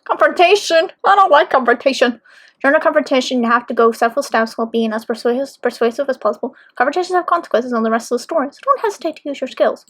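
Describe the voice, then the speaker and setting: A woman's voice: high voice, very fast, hardly any pauses. A young woman streaming a detective game from home, thinking aloud in a chatty, self-deprecating way. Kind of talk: casual let's-play commentary. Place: indoors at home, streaming at night.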